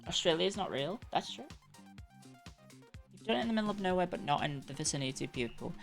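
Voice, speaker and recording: A woman's voice: lowish voice, lively intonation, fast talker, gravelly, soft background music. A young woman chatting casually on a live stream, rambling and correcting herself as she goes.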